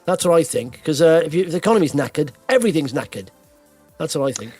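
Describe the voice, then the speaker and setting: A man's voice: a little high, sing-song, a little mellow, husky, no room sound, soft background music. A man hosting a podcast, chatting casually and jokingly, with frequent restarts. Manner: chatty and jokey, quick restarts. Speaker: podcast host. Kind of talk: casual chat.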